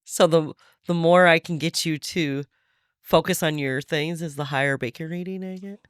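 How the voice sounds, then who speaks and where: A woman's voice: deep voice, steady tone, normal speed, clean tone, no room sound, studio quality. A woman co-hosting a podcast in casual chat, teasing and reading out story details. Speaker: podcast co-host telling a news story.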